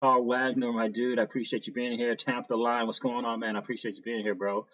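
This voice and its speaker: Male streamer, relaxed chatty host voice, slightly muffled home-mic audio. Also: medium pitch, quick pace. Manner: reads out viewer names and greets them, laughs often. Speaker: crypto livestream host. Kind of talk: casual livestream chat.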